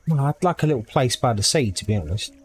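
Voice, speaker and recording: A man's voice: mid-range voice, expressive, quick pace, soft background music. A man casually commenting on a game as he plays, thinking aloud and reading the on-screen text. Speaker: gaming video creator. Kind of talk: casual let's-play commentary.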